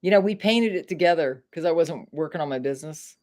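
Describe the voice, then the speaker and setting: A brisk, animated voice that sits low with a darkish tone belongs to a middle-aged Maine woman livestreaming from home. She chats with viewers directly, frustrated and cursing freely.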